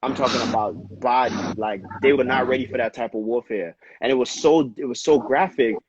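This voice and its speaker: A man in casual conversation, telling history in an animated, slangy way, often dropping "yo" and "you know what I mean.". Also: medium pitch, a little fast, crowd noise. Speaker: dancer and podcast co-host. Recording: slightly dull lo-fi audio with faint noise.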